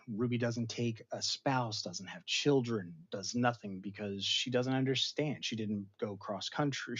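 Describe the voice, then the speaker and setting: A man hosting a casual episode review, animated and chatty, often slipping into playful voices for the characters. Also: mid-range voice, slightly rough. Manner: animated, acts out characters' lines in funny voices. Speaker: show host. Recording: slightly dull, lo-fi sound.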